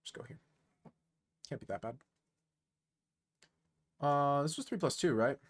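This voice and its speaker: A man streaming online chess, chatting casually and thinking aloud, quick to make fun of his own play. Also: a little high, lively intonation. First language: English. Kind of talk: casual live-stream commentary.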